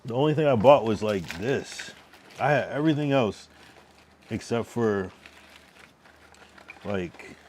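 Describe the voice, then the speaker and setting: A man's voice: medium pitch, lively intonation, slow pace, long pauses, darkish tone, a little hiss or hum. A young man on a livestream, chatting loosely with lots of slang and swearing, drunk, stuffed and a little out of breath. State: drunk and overfull, a bit out of breath. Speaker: streamer. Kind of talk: casual livestream chat.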